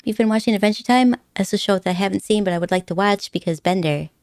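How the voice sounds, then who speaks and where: A fast-talking woman live streamer rambles through a casual chat, frequently laughing and playfully poking fun at her viewers. Her mid-range voice has a darkish tone, recorded cleanly in a studio with no room sound.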